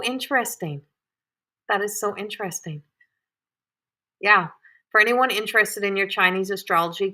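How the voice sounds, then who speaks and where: A woman in her thirties, a psychic medium hosting a live stream, talking softly and emotionally with sighs and pauses. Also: lowish voice. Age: 30s. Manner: soft, emotional, tearful at times, frequent sighs. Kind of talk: live-streamed reading, casual chat.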